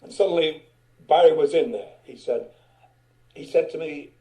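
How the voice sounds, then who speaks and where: A man's voice: on the high side, moderate pace, warm tone. A man in his seventies, a guest singer telling a story in a rambling way, full of fillers. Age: 70s. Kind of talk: casual storytelling. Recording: echoey room.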